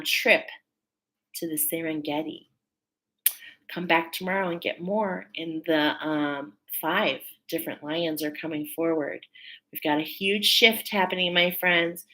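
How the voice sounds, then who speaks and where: A woman's voice: fairly low pitch, a bit bright. A woman hosting a live stream as a spiritual reader, chatting casually and spontaneously, thinking aloud and laughing often.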